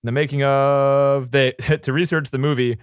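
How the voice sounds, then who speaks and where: A man co-hosting a casual film podcast, talking quickly and animatedly, slipping into mocking impressions of characters. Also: medium pitch, steady tone, clean tone, no echo, clean studio sound. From Irish heritage. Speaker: podcast co-host.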